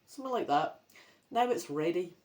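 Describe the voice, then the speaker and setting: A woman's voice: on the low side, lively intonation, moderate pace, a little mellow. A Scottish woman reading a choose-your-own-adventure book aloud, with playful, self-mocking asides between passages.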